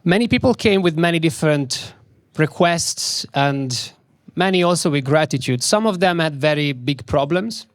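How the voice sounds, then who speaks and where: A man with a somewhat high voice gives a spiritual talk, pacing his words slowly and leaning on repeated phrases for emphasis. The sound is dry and close, with little room around it. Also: lively intonation, no echo. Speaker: swami giving a spiritual talk.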